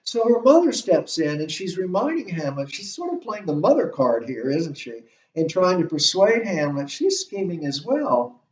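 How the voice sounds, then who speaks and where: A male instructor lecturing on a play, talking haltingly with many fillers and restarts. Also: high voice, very animated. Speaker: literature instructor. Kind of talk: classroom lecture. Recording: echoey room, distant mic, dull sound.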